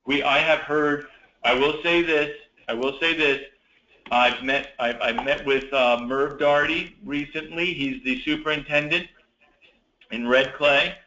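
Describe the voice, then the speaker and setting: A man hosting an online meeting for student teachers, encouraging and apologetic, with many halting restarts. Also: a little high, fairly even intonation, sharp tone, reverberant, dull audio.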